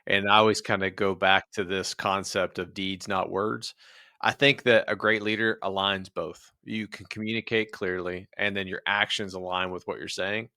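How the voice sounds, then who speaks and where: A man from rural West Virginia hosts an interview with a lowish voice that has a forceful, bright edge. The sound is dry and close. He talks plainly and leans on personal stories. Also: little pitch movement, moderate pace, gravelly, no echo. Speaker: podcast host. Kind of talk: casual interview talk.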